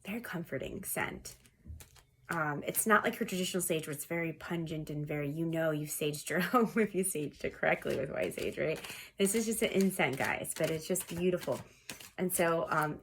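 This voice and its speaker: A woman's voice: deep voice, moderate pace. A woman in her thirties giving a casual tarot reading at home, chatty and rambling, laughing often and talking to viewers like friends. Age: 30s. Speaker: tarot reader.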